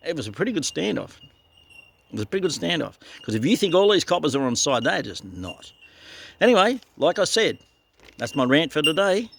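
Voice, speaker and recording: Older Australian bloke, ranting monologue, blunt and profane, pitched a little high and very animated. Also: male voice, a little fast, gravelly. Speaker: vlogger.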